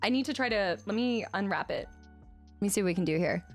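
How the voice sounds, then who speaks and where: A woman streamer chatting casually on a live stream, excitable and giggly, cooing to her cat at her home desk. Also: mid-range voice, brisk. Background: faint film music.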